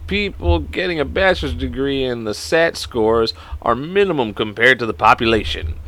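A man's voice: medium pitch, animated, measured pace, bright, forceful tone. Crude, rambling young man podcasting. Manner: crude, rambling, joking, swears a lot. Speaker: podcast host. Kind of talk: casual solo podcast chat.

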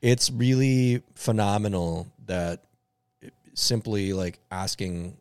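A man's voice: on the low side, slow, darkish tone, clear, resonant tone, no echo, clean studio sound. A man telling an earnest story in a casual podcast chat.

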